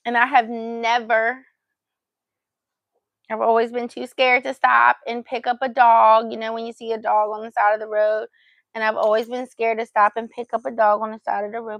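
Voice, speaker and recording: A woman with a fairly high voice and a gravelly, creaky edge tells a story in a relaxed vlog. She chats to the camera and acts out her own past remarks. The sound is dry and close, with no room echo. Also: normal speed. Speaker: vlogger.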